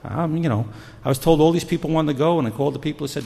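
A man's voice: a little high, rapid-fire, gravelly, few pauses, warm tone. A man preaching a sermon in an earnest storytelling manner. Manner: earnest, storytelling, acts out panicked voices. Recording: long reverb of a hall.

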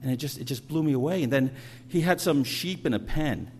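A man's voice: mid-range voice, brisk, a little mellow, slight background noise. A middle-aged man preaching a sermon, telling stories in a conversational way and often repeating words as he goes. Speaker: pastor.

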